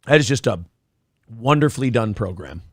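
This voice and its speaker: A man's voice: medium pitch, animated, fairly quick, no echo, clean studio sound. A man hosting a morning talk show, chatting casually in a blunt, profane way. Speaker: host. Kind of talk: casual chat.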